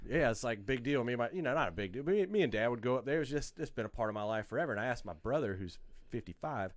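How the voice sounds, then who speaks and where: A man's voice: mid-range voice, expressive, very fast. Profane storytelling man. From North Carolina. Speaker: podcast host. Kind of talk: casual storytelling chat.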